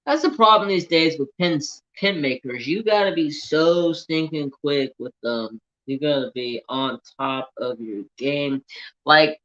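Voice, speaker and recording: Man, crafts stream host, slow unhurried chat, sniffly, dull lo-fi audio. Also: on the high side, a bit bright. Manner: slow, chatty, humming to himself. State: teary-eyed and sniffly. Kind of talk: casual livestream chat. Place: home room with a fan blowing.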